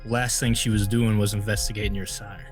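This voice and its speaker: A man with a lowish voice plays in a tabletop role-playing session. He talks quickly and urgently, pressing the others, with faint music beneath. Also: level tone. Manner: urgent, quick, in-character talk. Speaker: player.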